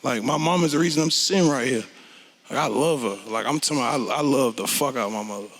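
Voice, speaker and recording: A man, a rapper telling his story onstage in a blunt, profane and animated way. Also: medium pitch, quick pace, long reverb tail, slight background noise. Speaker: interview guest, rapper. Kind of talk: candid onstage conversation.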